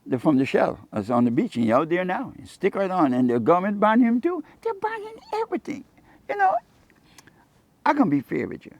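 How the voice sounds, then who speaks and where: With a high voice, a fairly quick pace and no echo, an older Cayman Brac fisherman and jewelry maker spins rambling anecdotes for an interviewer. He's an animated storyteller who acts out the quoted dialogue himself.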